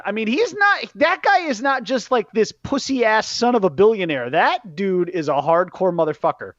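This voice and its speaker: A man hosting a podcast, ranting in a casual, profane way about a wrestling event, jumping between loud outbursts and low muttering. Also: no room sound. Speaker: podcast host. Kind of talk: casual wrestling recap rant. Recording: dull lo-fi podcast mic.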